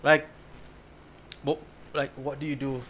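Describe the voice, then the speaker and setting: A man from Jamaica, chatting casually and telling stories in an animated way, laughing often. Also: medium pitch, slow pace, a little hiss or hum. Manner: animated storytelling with frequent laughs. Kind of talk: casual chat.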